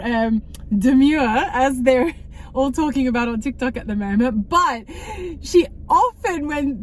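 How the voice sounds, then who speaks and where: A young Australian woman with a high voice vlogs casually to camera, chatty and rambling, often correcting herself in asides. There's a little hiss or hum in the recording.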